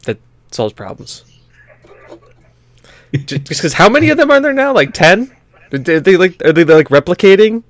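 A man co-hosting a gaming podcast in casual chat, rambling with lots of fillers and quick to laugh. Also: high voice, very animated, no room sound. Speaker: podcast co-host.

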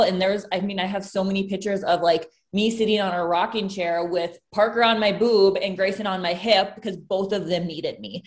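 A woman's voice: medium pitch, fairly even intonation, moderate pace, few pauses. A young woman speaking candidly in a casual conversation, open and emotional as she recalls early motherhood. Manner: candid, emotional, tearful at times.

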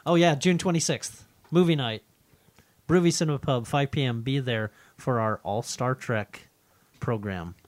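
A matter-of-fact man reads out a quick event announcement on a casual podcast. His voice sits at an ordinary pitch.

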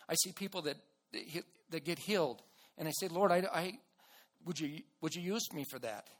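Earnest man preaching, slightly high voice. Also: moderate pace. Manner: earnest, with frequent restarts and bursts of loud emphasis. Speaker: pastor. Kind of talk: sermon.

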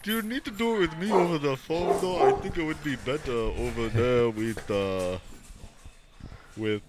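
A man's voice: mid-range voice, normal speed, over a noisy crowd. A man on a prank call, playfully teasing the others and laughing. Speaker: prank caller. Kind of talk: comedic phone prank banter.

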